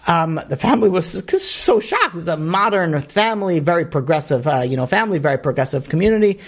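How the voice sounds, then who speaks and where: A man's voice: a little high, very animated, brisk. A man, a rabbi, telling a story in a sermon, rambling with many asides and restarts.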